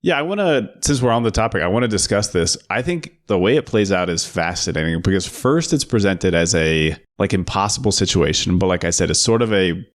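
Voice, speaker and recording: A man's voice: deep voice, lively intonation, fairly quick, few pauses. A man co-hosting a podcast, talking through a film's moral questions in a thoughtful, step-by-step way. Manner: thoughtful, builds arguments step by step. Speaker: podcast co-host. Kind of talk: casual film discussion.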